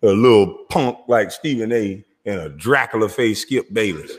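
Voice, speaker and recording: This show host speaks at normal speed in a lowish, expressive voice, husky and twanged with the South. Casual and profane, he rants loud and animated, swears freely and laughs, his voice ringing with long reverb.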